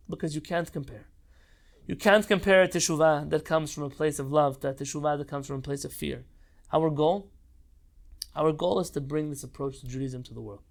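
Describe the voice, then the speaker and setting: Brief: male rabbi, higher-pitched voice with gravel, impassioned online Torah lesson, repeats lines for emphasis. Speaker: rabbi teaching a Torah class.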